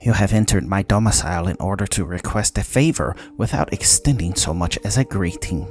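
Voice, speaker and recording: A man voicing a haughty fae woman who speaks in a formal, cutting, measured way. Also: lowish voice, close to an everyday voice.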